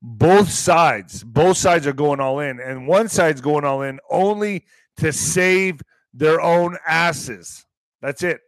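A male host of a live online commentary show, talking in a rambling, excitable way that sometimes bursts into shouting. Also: a little high, slow pace, dry recording.

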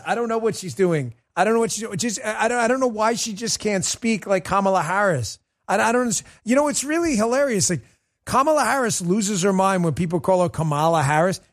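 A man hosting a political talk show, delivering a combative, mocking monologue with lots of repetition. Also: high voice.

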